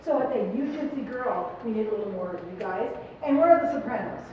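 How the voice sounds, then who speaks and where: A fast-talking middle-aged woman with an animated, rather high voice coaches a choir in a clinic, encouraging them and asking the singers questions. A distant room mic in a large performance hall makes the recording echoey and muffled, with a little hiss or hum.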